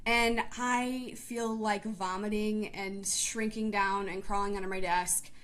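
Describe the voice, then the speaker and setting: A woman's voice: mid-range voice, fairly even intonation, measured pace, a bit bright. A woman in her twenties, a teacher, telling a personal story in a vlog and talking emotionally, close to tears. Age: 20s. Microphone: live stream camera.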